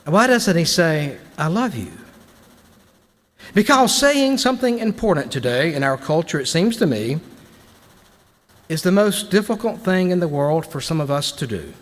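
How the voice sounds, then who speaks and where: A man delivers a devotional sermon in a slightly higher-than-usual voice. He swings between loud bursts and quiet, hushed lines. His words echo with the long reverb of a large legislative chamber, picked up by a podium microphone. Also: very animated, normal speed. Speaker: guest minister giving a devotional to lawmakers. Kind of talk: sermon-style devotional address.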